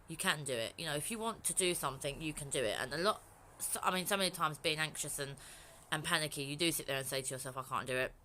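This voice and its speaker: A woman's voice: low-pitched, quick pace, hardly any pauses, sharp tone, slight background noise. A young woman from England talking frankly in a personal vlog, rambling and swearing freely. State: emotional, near tears. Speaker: vlogger.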